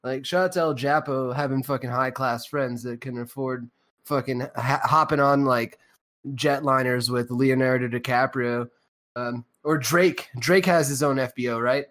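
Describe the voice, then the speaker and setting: A man's voice: mid-range voice, fairly even intonation, moderate pace, fairly bright tone. A man hosting a casual podcast, rambling and cursing, with lots of ums and uhs. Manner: rambling, profane, many fillers. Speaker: podcast host.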